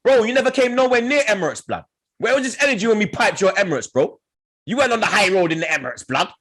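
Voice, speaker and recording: Young guy trash talking football rivals, high husky voice, loud, keeps laughing. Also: lively intonation, fast talker. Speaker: football podcast host. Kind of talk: heated banter.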